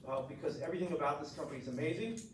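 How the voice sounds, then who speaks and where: A man's voice: on the high side, racing. Blunt middle-aged man, echoey room. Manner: blunt, animated storyteller, acts out quotes. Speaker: chiropractor sharing his story. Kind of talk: testimonial talk to a group. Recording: echoey room, mic far off, noisy.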